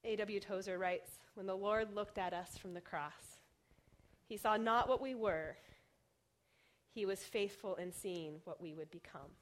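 A young woman preaching a sermon in an earnest way, often dropping to a hush on key phrases. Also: mid-range voice, a little slow. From Oregon, United States. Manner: earnest, softening to near whispers on key phrases.

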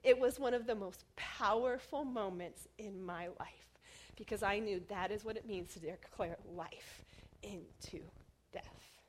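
A young woman preaching a sermon in an earnest way, often dropping to a hush on key phrases. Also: mid-range voice, a little slow, slight background noise. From Oregon, United States. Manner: earnest, softening to near whispers on key phrases.

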